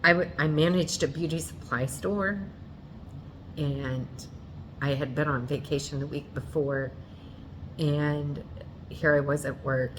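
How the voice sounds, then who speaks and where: A woman telling a painful personal story in an earnest, halting way, often restarting and correcting herself. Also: low-pitched, steady tone, background noise.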